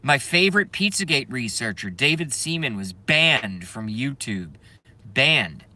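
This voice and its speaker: A man's voice: medium pitch, sing-song, sharp tone. A man on a casual live stream, rambling and swearing, reading chat aloud and laughing often, with many trailing filler sounds. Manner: self-interrupting, drawn-out filler sounds.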